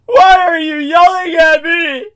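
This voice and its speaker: A man playing a weepy cab driver who shouts and cries in a high strained voice. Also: steady tone, measured pace. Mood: wailing. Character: weepy male cab driver, whining and shrill.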